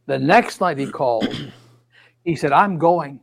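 A man's voice: a little high, unhurried, gravelly. A man in his sixties, a minister and author, telling his story with animation and acting out the dialogue. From Scotland. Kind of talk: storytelling testimony. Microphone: studio microphone.

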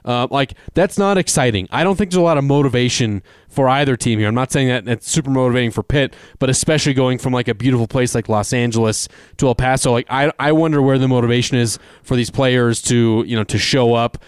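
Man, sports betting co-host, casual chat, hedging, smooth clear voice, dry close sound. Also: mid-range voice, fast, few pauses, dry recording. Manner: hedging, conversational with many fillers.

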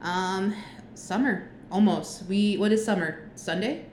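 A woman's voice: mid-range voice, slow pace, darkish tone. Brief: woman co-host, casual chat, giggly and rambling, recorded in a roomy apartment with faint hum. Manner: chatty, laughs often, trails off with fillers. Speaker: podcast co-host. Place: apartment room. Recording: echoey room, faint ambience.

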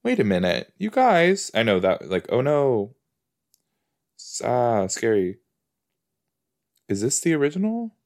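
A man's voice: mid-range voice, big pitch swings, unhurried, long pauses, a little mellow. A man chatting casually on a couch as he reacts to a TV episode, rambling, easily sidetracked and often breaking into exclamations. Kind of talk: casual watch-along chat. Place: indoors on a couch.

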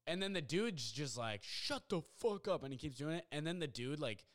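A young man hosting a podcast alone from his apartment, telling a story in a rambling, excitable way full of fillers. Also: on the high side, fairly quick. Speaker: podcast host. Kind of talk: casual storytelling monologue. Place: apartment at home.

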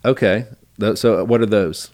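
Enthusiastic and prone to rambling, this man hosts a casual interview podcast and keeps starting his sentences over. His voice is lowish with a darkish tone, at an ordinary speed.

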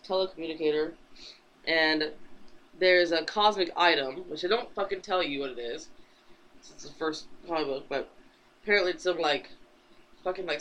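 A man co-hosting a podcast, casually retelling a comic book plot in a rambling way, swearing freely and dropping into quick character voices. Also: on the high side, a bit bright. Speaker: podcast co-host. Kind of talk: casual chat, recapping a comic. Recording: dull lo-fi recording.

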